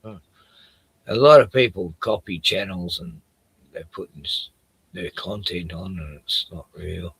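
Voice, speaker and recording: Gravelly, husky Australian man rambling. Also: sits low, measured pace, fairly bright tone, no room sound. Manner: rambling, trailing off, swearing. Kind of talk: casual chat while searching online.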